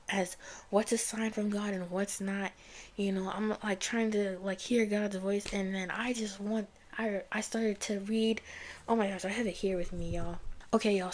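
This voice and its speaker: A young woman recounts her own story in loose, conversational talk, full of "like" and "y'all". Her voice often sinks to a soft near-whisper. Her pitch sits in a middle range for a woman. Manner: chatty, heavy use of "like" and "y'all", often drops to a near-whisper. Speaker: vlogger sharing a faith testimony. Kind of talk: casual personal storytelling.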